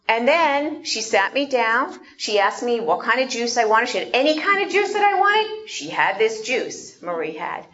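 A woman giving an animated storytelling talk, asking her audience questions as she goes. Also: fairly high pitch, moderate pace, highs cut off. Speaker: speaker.

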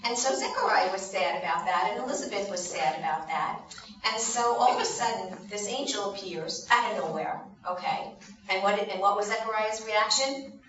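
A woman's voice: medium pitch, moderate pace, a bit bright. A woman in her fifties teaching a children's Bible lesson. She tells the story with animation and keeps asking the children questions. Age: 50s. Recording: echoey room, distant dull mic, noisy.

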